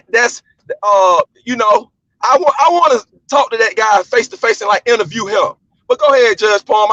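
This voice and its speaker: A man rants bluntly and profanely as a live-stream guest. His voice sits very high and sounds sharp and bright. The audio is dry and a little muffled. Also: no echo. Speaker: panel guest. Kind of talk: heated live-stream commentary.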